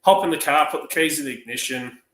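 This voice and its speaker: Bright-voiced Australian man telling a story. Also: fairly high pitch, quick pace, echoey room, slight background noise, rough recording. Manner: rambling storyteller, acts out quoted dialogue. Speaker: livestream panelist. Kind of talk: casual chat.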